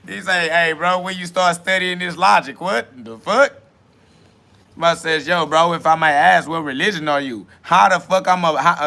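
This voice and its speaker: A man hosting a self-talk podcast, ranting loudly and boastfully in profane slang and mockingly imitating other people's questions. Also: a little high, moderate pace, gravelly. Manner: loud, boastful, swearing slang rant with bursts of laughter. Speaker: podcast host.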